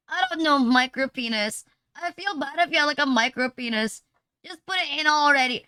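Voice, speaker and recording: A woman's voice: sits high, moderate pace, pushed and bright, no room sound. A woman streamer chatting casually on a livestream, rambling crudely with constant "like" fillers and teasing her chat. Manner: mocking, teasing banter with chat. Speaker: VTuber streamer.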